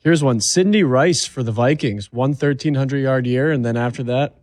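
Brief: male radio crew member, mid-pitched, dry mic, quick interjections. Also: a little mellow, dry recording. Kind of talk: casual sports talk.

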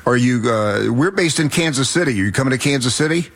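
A man's voice: medium pitch, lively intonation, fast. A man hosting a radio interview, chatty and laughing easily. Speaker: radio host.

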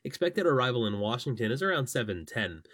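A man's voice: medium pitch, big pitch swings, a little fast, fairly bright tone, no echo, studio quality. A man giving a radio commuter rail update, steadily reading out train times. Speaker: transit rail announcer.

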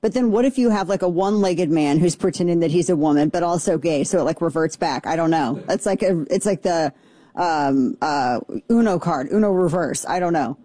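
A woman hosting a talk radio program in a studio, rambling from one joke to the next in an easy, chatty way. Her voice is warm and mellow, and the close mic is dry. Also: lowish voice, brisk, dry recording. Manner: chatty, rambling, jokey digressions. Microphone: studio microphone.

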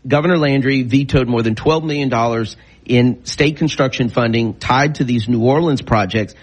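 A man's voice: mid-range voice, normal speed, slightly rough. A man co-hosting a talk radio show, chatting casually and rambling through lots of fillers. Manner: rambling, full of fillers and restarts.

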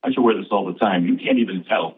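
A man doing stand-up comedy on stage, bantering quickly and playfully with the crowd. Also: lowish voice, slight background noise. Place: stage before a live audience. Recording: tinny far-off stage recording with music.

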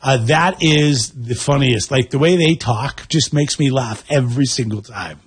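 A man with a General American accent, co-hosting a casual chat, animated and opinionated. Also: mid-range voice, moderate pace, breathy edge, no echo. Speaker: podcast co-host.

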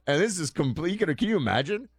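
A man's voice: a little high, sing-song, fast talker, husky, no room sound, faint music behind. A man hosting a talk show, chatting casually with many fillers and restarts. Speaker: host.

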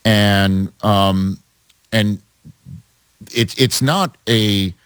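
A man's voice: fairly low pitch, very slow, a bit bright, smooth, no echo. A man co-hosting a sports debate, pressing his partner with pointed questions. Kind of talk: casual debate chat.

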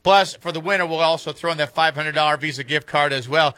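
Bright-voiced joking radio DJ man. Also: a little high, steady tone, fast, dry recording. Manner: upbeat, jokey, plays up "eh". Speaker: morning radio DJ. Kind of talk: radio call-in contest hosting. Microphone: studio broadcast mic.

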